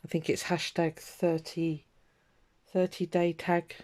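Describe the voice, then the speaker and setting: A woman's voice: fairly low pitch, flat delivery, slow, a little mellow. A woman vlogging her crafting in casual, rambling chat, trailing off and restarting her thoughts with lots of ums. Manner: rambling, chatty, self-interrupting with ums.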